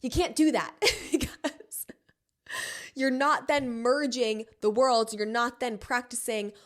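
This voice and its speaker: A woman's voice: fairly high pitch, fairly even intonation, takes it slowly. A woman podcast host and self-help coach giving a casual motivational monologue, blunt and freely swearing, with frequent laughs.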